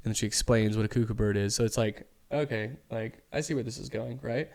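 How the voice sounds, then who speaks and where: A man's voice: fairly low pitch, steady tone, a little fast, darkish tone. A man co-hosting a podcast in casual chat, telling stories in a rambling way full of fillers, with profane, joking banter. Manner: rambling, loose storytelling with lots of fillers. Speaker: podcast co-host.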